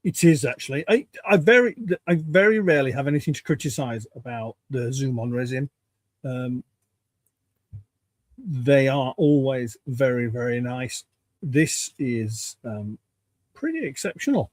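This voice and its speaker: A man at his home workbench, chatting in a relaxed, rambling way on a livestream. He is slightly out of breath, and the sound is dry, with little room echo. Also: medium pitch, measured pace. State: a bit out of breath. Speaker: co-host. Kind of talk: casual livestream chat.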